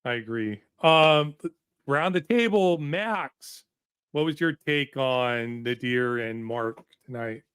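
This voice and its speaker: Male stream host, smooth resonant voice, dry close mic, casual. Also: medium pitch, slow, no echo. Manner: relaxed, reads donations aloud. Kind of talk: casual livestream chat.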